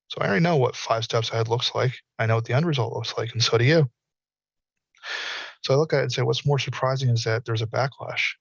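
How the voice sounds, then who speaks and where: A man's voice: mid-range voice, creaky, no room sound, lo-fi sound. A middle-aged man on an online panel, a candid storyteller who acts out quotes as he researches virtual worlds.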